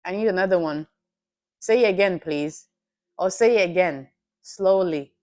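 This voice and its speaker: A woman's voice: lowish voice, normal speed, a little mellow. A woman hosting a live trading stream, chatting casually with her chat, teasing and laughing often.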